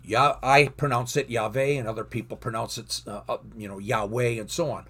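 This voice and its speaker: A man's voice: mid-range voice, a little fast, sharp tone, husky. A man teaching from the Bible in an earnest sermon, reading verses aloud with rising emphasis.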